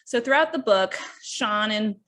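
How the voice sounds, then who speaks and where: A woman's voice: mid-range voice, lively intonation, unhurried, a bit bright. Chatty woman hosting a book podcast. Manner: chatty, often acts out characters' lines. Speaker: podcast host reviewing books. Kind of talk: casual book review chat.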